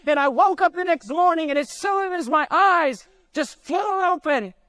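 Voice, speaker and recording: A man's voice: normal speed, pushed and bright, no echo. A male preacher voicing a distraught young woman, pleading in a raised, climbing voice as part of sermon storytelling. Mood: desperate, rising. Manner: high, pleading, rising to a cry. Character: distraught young woman, desperate then overjoyed.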